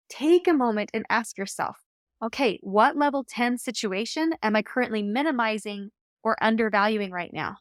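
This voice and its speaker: A woman podcast host and coach giving calm, earnest, reflective advice in a solo talk. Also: on the high side, dry recording, clean studio sound. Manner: calm, earnest, coaching tone with occasional light laughs.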